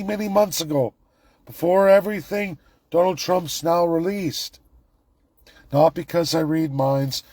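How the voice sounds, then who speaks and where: A man's voice: on the high side, darkish tone, no echo. A man, ranting emphatically and repetitively in a political vlog monologue. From Canada. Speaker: political commentator.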